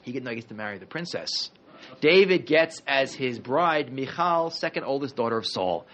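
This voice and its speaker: A man teaching a history class as a rabbi, telling the story in a lively, conversational way with jokey asides. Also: mid-range voice, normal speed.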